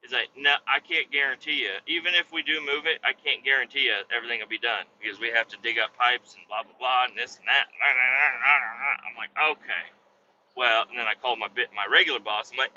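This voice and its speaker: A man's voice: medium pitch, fairly quick, sharp tone. A man hosting a podcast, telling a story casually and profanely, acting out everyone he quotes in his own voice. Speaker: podcast host. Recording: slightly dull, faint road noise.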